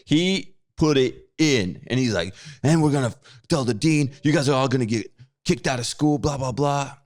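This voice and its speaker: A man co-hosting a podcast, telling a story with lively acted-out quotes. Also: medium pitch, normal speed, no echo, clean studio sound. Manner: animated storyteller, acts out quotes. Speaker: podcast co-host. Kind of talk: casual chat.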